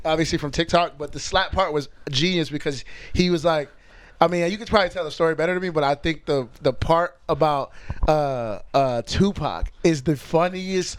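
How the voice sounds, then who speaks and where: A man's voice: a little high, normal speed, clear, resonant tone. A young man co-hosting a podcast, talking in a loose, slangy, hesitant way. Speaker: podcast co-host. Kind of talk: casual chat.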